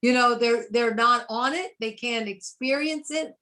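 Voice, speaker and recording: Woman, team member on a video call, bright forceful voice, a bit high. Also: measured pace. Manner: chatty, enthusiastic anecdote teller. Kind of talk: casual chat on a video call.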